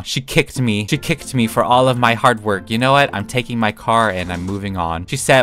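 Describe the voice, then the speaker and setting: This young YouTuber narrates his gameplay in a playful, chatty way, giggling often and talking to himself as he plays. He speaks at a moderate pace with few pauses, in a lowish voice that's fairly bright in tone.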